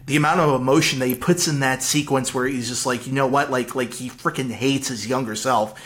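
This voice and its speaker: A man co-hosting a casual movie podcast, talking excitedly with frequent stammered restarts. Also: medium pitch, fairly quick. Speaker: podcast co-host. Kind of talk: casual movie review chat.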